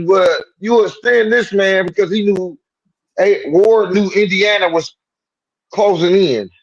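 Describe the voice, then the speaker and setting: A man co-hosting a sports call-in show, talking in a loose, slangy, animated way and riffing on jokes. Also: sits high, dull audio. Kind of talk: casual sports talk.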